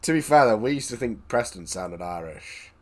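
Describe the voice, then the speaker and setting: A man's voice: fairly low pitch, animated, normal speed. A man hosting a casual live stream, teasing his friend and laughing often, swearing freely. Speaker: streamer host. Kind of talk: casual late-night stream chat.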